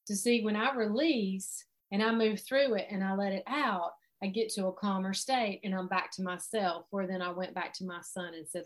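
Earnest woman coaching directly. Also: medium pitch. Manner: earnest, direct, conversational with fillers. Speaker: life coach. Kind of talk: informal teaching monologue.

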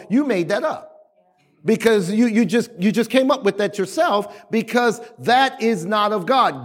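High-pitched man preaching emphatically. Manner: emphatic call-and-response preaching; repetitive, exhorting, varies volume widely. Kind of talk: sermon.

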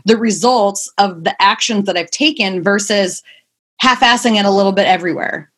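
A woman's voice: mid-range voice, normal speed, fairly bright tone, breathy edge. A young woman, a mother of two small children, talking candidly in a casual podcast chat, rambling and swearing now and then.

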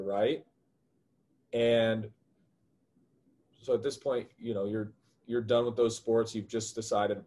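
A man hosts a casual conversation and comments with indignant, moralizing remarks. His voice is dark and mellow. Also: mid-range voice, normal speed.

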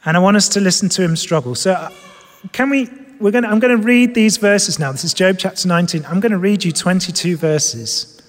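A man preaching a sermon, swinging between loud emphatic lines and soft, low asides. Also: brisk, in a large hall. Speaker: pastor. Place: church hall with screens.

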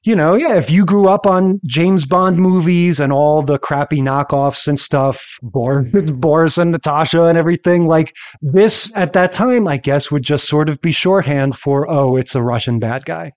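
Male podcast co-host, slightly high voice, casual rambling recap delivery. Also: moderate pace, few pauses, a little mellow. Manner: rambling, chatty, hedges with "right?". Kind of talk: casual chat reviewing sitcoms.

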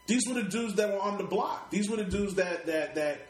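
A man's voice: sits high, brisk, reverberant, low-quality recording. A middle-aged man from Brooklyn with a New York accent, telling stories in an interview in a casual, streetwise way, often repeating and restarting words and swearing freely. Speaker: rapper interview guest.

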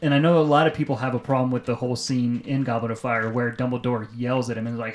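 A man's voice: mid-range voice, fast talker, few pauses, darkish tone. A man hosting a casual podcast chat with friends, steering it with questions and jokes. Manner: steers the talk with questions, jokey. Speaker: podcast host.

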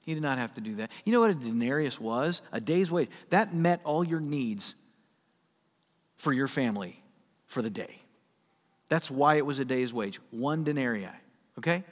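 Animated high-voiced male preacher. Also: moderate pace, in a large hall. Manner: animated, acts out quoted voices, folksy asides. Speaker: pastor. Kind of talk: sermon.

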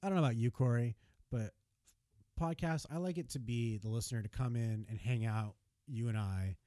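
Rambling, animated American man on a podcast. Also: medium pitch, brisk, no echo. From United States. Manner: rambling, animated, many restarts and self-corrections. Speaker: podcast co-host. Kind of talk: casual chat.

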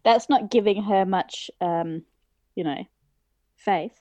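A woman's voice: mid-range voice, slow pace, warm tone, no echo. Dry-voiced woman chiming in. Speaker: podcast co-host. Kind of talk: casual chat.

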